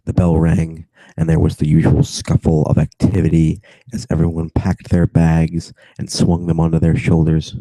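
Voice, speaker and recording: A man's voice: a bass voice, completely flat delivery, moderate pace, mellow, no echo, rough recording. A young man with a cold casually reads a book aloud over video chat, drifting into giggly tangents and mumbled asides. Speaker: reader.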